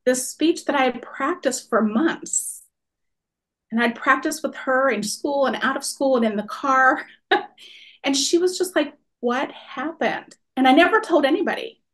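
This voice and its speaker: Woman, 40s, expressive motivational speaker, slightly high voice. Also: moderate pace. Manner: animated, expressive storyteller addressing audience. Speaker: workshop speaker. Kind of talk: personal storytelling talk.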